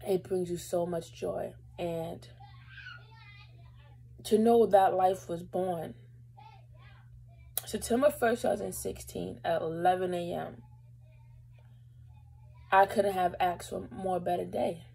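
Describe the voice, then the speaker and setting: Through long pauses, a young woman vlogger shares a personal story to camera in a casual, rambling way packed with fillers, struggling against tears at points. Her lowish voice is slow, steady, gravelly, and warm with a breathy edge. The recording is rough.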